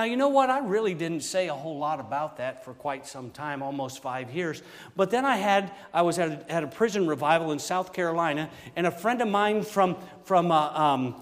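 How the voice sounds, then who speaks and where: A middle-aged man preaching a sermon, telling stories in a folksy, animated way with frequent exclamations. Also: on the high side, long reverb tail. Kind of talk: storytelling sermon.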